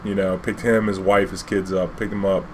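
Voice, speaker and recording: A man tells a loose, rambling story about his cab days, packed with "you know" and casual swearing. His voice sits fairly low. A faint air conditioning hum runs underneath. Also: little pitch movement, normal speed. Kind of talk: casual spoken anecdote.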